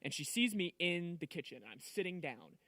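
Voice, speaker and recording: A young man co-hosting a church youth live stream, telling stories in an animated way with frequent laughs. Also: high voice, fairly quick, no echo. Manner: animated storyteller, laughs often. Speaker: student co-host. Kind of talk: casual live stream chat.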